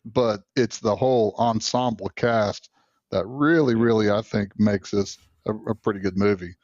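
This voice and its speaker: Southern man, podcast co-host, low voice, rambling and opinionated, dull dry recording. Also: steady tone, normal speed, darkish tone, no echo. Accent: Southern American. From American Deep South. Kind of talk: casual chat.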